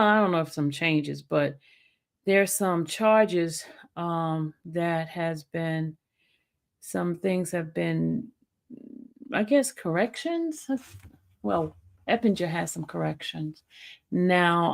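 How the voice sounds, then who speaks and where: A woman hosting a casual livestream, talking haltingly with many fillers and restarts. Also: fairly low pitch, creaky. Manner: gushing and excited when greeting a viewer. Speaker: YouTube livestream host.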